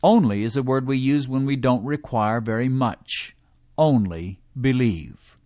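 A man reading a devotional teaching in a measured way, slowing down to stress quoted scripture. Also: mid-range voice, darkish tone, no room sound. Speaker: preacher.

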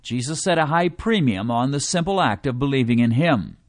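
A man reading a devotional teaching in a measured way, slowing down to stress quoted scripture. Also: medium pitch, lively intonation, no echo, clean studio sound. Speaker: preacher.

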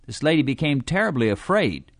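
Man, preacher, measured reading, animated pitch, dry sound. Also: no room sound. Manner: measured, slows down to stress quoted scripture. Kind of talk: reading a devotional teaching.

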